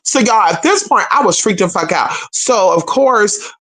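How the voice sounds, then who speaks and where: A young adult streamer telling a personal story to viewers in a casual, animated, profane way, often addressing them as "y'all" and "girl". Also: medium pitch, normal speed, slight background noise.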